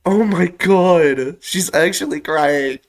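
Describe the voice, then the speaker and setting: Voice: medium pitch, takes it slowly. A let's-play host who reads a visual novel aloud, breaking off into sarcastic, joking asides.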